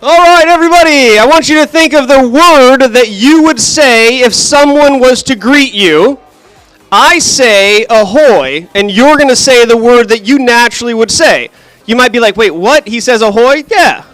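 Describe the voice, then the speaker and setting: A man's voice: very high-pitched, normal speed, fairly bright tone, no room sound, faint music behind, rough recording. A man hosting a live kickoff event as its director, joking with the crowd and walking through the rules. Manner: upbeat, joking crowd work. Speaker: event host and center director. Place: event room with an audience.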